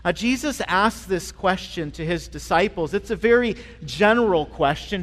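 A male pastor preaching a sermon in a conversational way, with frequent pauses and restarts. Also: sits high, animated. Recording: long reverb in a large hall.

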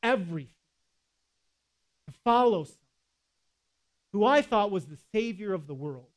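A man's voice: sits high, lively intonation, normal speed. A man preaching a sermon in a conversational way, with casual asides and quoted scripture. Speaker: pastor.

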